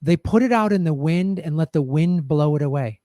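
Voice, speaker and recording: A man's voice: a little high, normal speed, warm tone, dry recording, clean studio sound. A man hosting a show, talking in a casual, reflective and rambling way to his viewers, with many fillers and restarts. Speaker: show host. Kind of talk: casual commentary to live chat.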